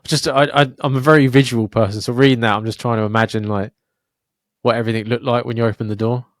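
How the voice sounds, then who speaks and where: A young man co-hosting a podcast, telling stories in a sweary, animated way. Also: mid-range voice, fast talker, no echo, clean studio sound. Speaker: podcast co-host. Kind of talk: casual podcast chat.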